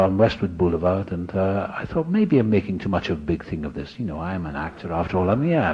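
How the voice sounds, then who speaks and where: A man speaking at a recovery meeting, telling his story in a lively, dramatic way and acting out the voices of other people. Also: low voice, breathy edge. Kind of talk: storytelling talk. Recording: dull lo-fi recording.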